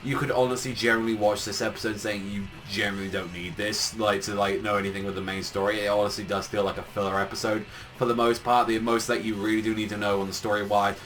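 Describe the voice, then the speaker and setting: A man's voice: fairly low pitch, flat delivery, quick pace, fairly bright tone. A young man giving a casual spoken review, rambling and swearing while he mocks the voices of the characters. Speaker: anime reviewer.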